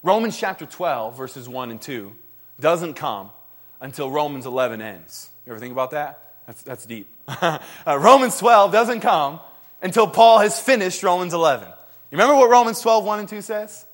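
A man preaching a sermon, swinging between loud emphatic peaks and hushed low lines, acting out the voices he quotes. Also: moderate pace. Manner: animated, acts out quoted voices, laughs now and then.

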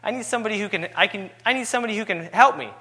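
A man's voice: high-pitched, very fast, pushed and bright, voice pushed up. A man voicing a frustrated young driver whose car broke down, dismissive and pleading for help.

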